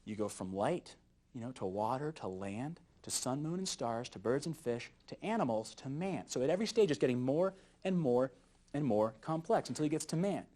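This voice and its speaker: A man teaching a youth Bible study lesson in a jokey, animated way, often chuckling at his own jokes. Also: medium pitch, moderate pace.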